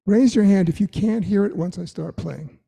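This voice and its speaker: A man's voice: high voice, moderate pace, vocal fry, warm tone, husky. A man giving an earnest, emphatic sermon-style talk to a live audience, repeating phrases for weight. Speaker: speaker addressing a live audience.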